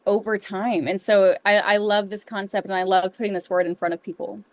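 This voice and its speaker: A woman's voice: medium pitch, flat delivery, brisk, no echo. A woman co-hosting a casual chat who gushes enthusiastically about the designs. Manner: gushing, enthusiastic. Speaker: co-host.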